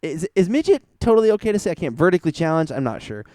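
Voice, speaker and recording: A man's voice: a little high, big pitch swings, very fast, warm tone, no echo, studio quality. A young man co-hosting a podcast, talking casually and rambling, swearing and laughing often. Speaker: podcast co-host.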